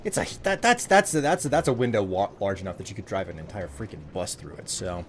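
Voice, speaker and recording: A man's voice: lowish voice, expressive, fairly quick, a little hiss or hum. A man streaming a video game live, chatting playfully with his viewers and putting on mock outrage at them. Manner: playful, mock-indignant, talks to chat.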